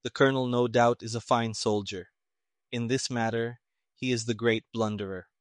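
Toneless clever detective guy, flat and cool, read by a man, dry close sound. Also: mid-range voice, normal speed, no echo, lightly acted.

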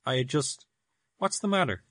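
A man voicing a stubborn, slow-witted old father in a storybook reading, insistent and later dazed. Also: mid-range voice, expressive, fairly bright tone, no room sound, clean studio sound, pitched above the performer's own voice, lightly acted.

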